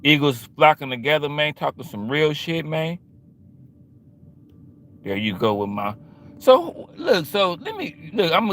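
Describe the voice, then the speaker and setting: A man's voice: a little high, bright, forceful tone. A man hosting a livestream, talking back to his chat in a confrontational, repetitive and slangy way. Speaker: livestream host.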